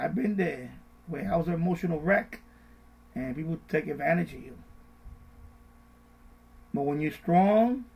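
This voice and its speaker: A middle-aged man talks casually about investing on a live stream, repeating himself for emphasis. His voice sits fairly high, with a gravelly, husky edge. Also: rough recording. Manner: repetitive, animated, mocks panicked voices. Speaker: finance live-stream host.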